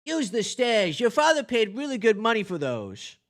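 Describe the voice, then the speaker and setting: A man's voice: high-pitched, big pitch swings, normal speed, fairly bright tone, pitched above the performer's own voice. A man voicing a nagging middle-aged bee mother in a raised, fussy tone.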